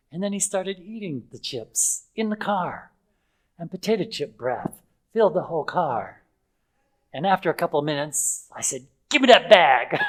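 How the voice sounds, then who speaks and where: A man's voice: on the high side, low-quality recording. Older man, preacher, anecdotal sermon, chatty, fillers, chuckles.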